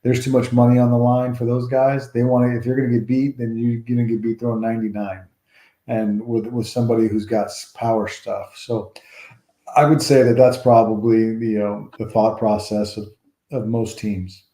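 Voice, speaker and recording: A man in his forties, a former ball player, telling rambling, animated stories from his career in an interview. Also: mid-range voice, normal speed, roomy sound. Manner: rambling, animated anecdotes with restarts. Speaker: former baseball player, guest. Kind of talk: storytelling interview.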